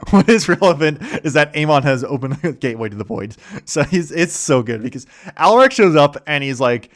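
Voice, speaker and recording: A man's voice: mid-range voice, a little fast, no echo, studio quality. A man hosting a casual summary of a game campaign, rambling with many fillers and self-corrections and chuckling often. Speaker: host.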